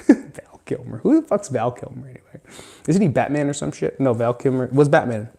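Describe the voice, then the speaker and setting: A man's voice: medium pitch, animated, moderate pace, gravelly, mellow. A man hosting a casual motivational monologue, rambling and candid, swearing freely and drifting into side remarks. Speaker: host.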